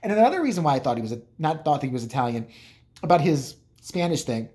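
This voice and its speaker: A man in his thirties telling stories in a loose, rambling way, sprinkling in curses and jokes. His voice sits fairly high and swings widely in pitch. It sounds like an unscripted casual monologue. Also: big pitch swings, fast talker, dark tone. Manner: rambling, profane, jokey. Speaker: vlogger.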